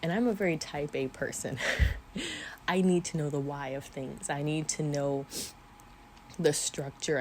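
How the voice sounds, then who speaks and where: A woman's voice: sits low, darkish tone, slight background noise. A woman in her twenties talking earnestly to camera about her faith, sometimes teary-eyed, with small laughs. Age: 20s. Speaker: vlogger. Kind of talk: emotional faith talk to camera. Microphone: camera mic.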